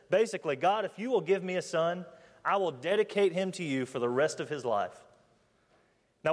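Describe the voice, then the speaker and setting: A man in his twenties preaching a sermon, earnest, reading scripture aloud and asking the congregation questions. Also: a little high. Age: 20s. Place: church building. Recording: long hall reverb.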